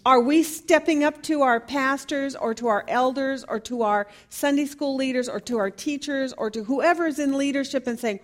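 A woman's voice: sits high, lively intonation, moderate pace. A woman teaching a Bible study class, earnestly asking the group question after question.

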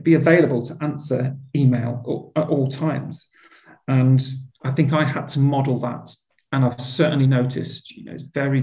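School leader type, man, earnest and reflective, warm low tone in an echoey room. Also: gravelly. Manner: earnest, reflective, with frequent restarts. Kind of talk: interview conversation.

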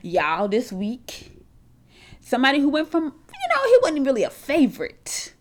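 A woman co-hosting a casual chat show, chatty and meandering, swinging between loud and soft. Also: sits high, wildly swooping pitch, measured pace. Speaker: podcast co-host.

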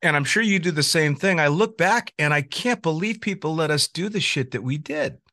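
A man hosting a casual interview, relaxed and easygoing, laughing along and stumbling over his restarts. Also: a little high, moderate pace. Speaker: podcast host.

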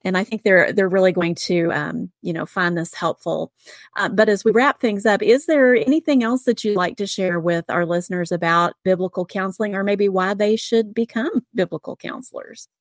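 A woman's voice: medium pitch, normal speed, no echo, clean studio sound. A woman hosting a podcast interview, affirming her guest and thanking him graciously. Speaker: podcast host.

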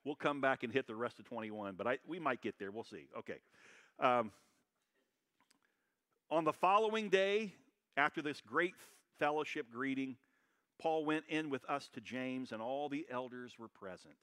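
A pastor preaching a sermon, loud and brash, swinging between shouted high points and quiet asides. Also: male voice, normal speed.

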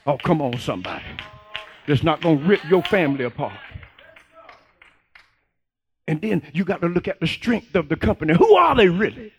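Husky-voiced preacher man, high and fervent. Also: very animated, fast talker, muffled recording. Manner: call-and-response preaching, rising to shouts. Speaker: pastor. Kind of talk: sermon.

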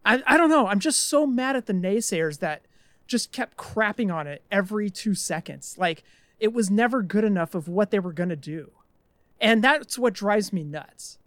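A man's voice: high-pitched, lively intonation, moderate pace, no room sound. A man co-hosting a casual podcast, ranting in an exasperated way with some mild swearing. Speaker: podcast co-host.

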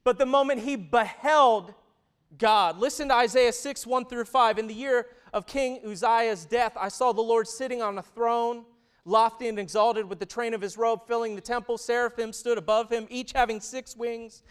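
High smooth voiced guy preaching, gets loud then goes real quiet. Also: steady tone, moderate pace. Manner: swings from loud emphatic preaching to a hushed, intimate delivery. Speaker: pastor. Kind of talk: sermon.

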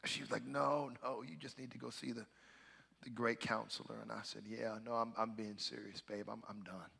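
A man preaching a sermon as pastor, swinging from hushed, quiet talk to loud, fervent shouting. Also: on the low side, steady tone, normal speed, vocal fry, husky, big-room sound.

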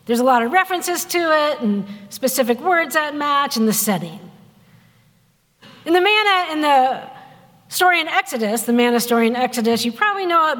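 In a church sanctuary, a woman pastor delivers her sermon like a wry, conversational story, acting out quotes with lively voices. Her voice is high-pitched, and the sound carries the spaciousness of a big room.

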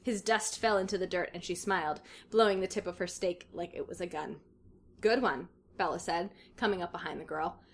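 A woman's voice: lowish voice, fairly quick. A woman co-hosting a casual comedy podcast, reading a story aloud with dramatic flair and breaking into laughter. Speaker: podcast co-host reading fan fiction aloud.

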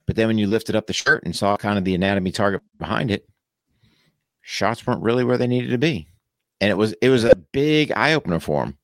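Low-voiced relaxed man, dry sound. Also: fast, no echo. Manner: relaxed, conversational, uses "you know". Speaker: firearms instructor and podcast co-host. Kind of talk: casual chat.

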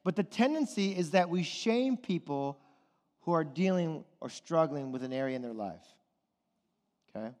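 A man's voice: a little high, animated, normal speed, a little mellow. A man preaching a sermon as pastor, asking the congregation question after question and checking in with "okay?" and "right?". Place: church hall. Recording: long hall reverb.

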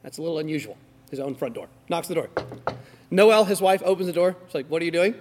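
A man leading a church class, telling stories in an energetic, emphatic way. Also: a little high, quick pace, slight background noise. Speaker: class leader. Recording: reverberant hall.

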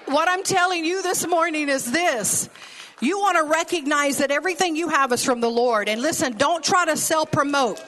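A woman's voice: high-pitched, moderate pace, fairly bright tone. A woman preaching a sermon with folksy phrasing and laughing asides.

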